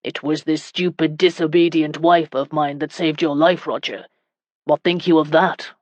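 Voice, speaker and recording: A woman voicing a gruff, hot-tempered medieval knight, low and subdued in tone. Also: fairly even intonation, normal speed, darkish tone, no room sound, lo-fi sound.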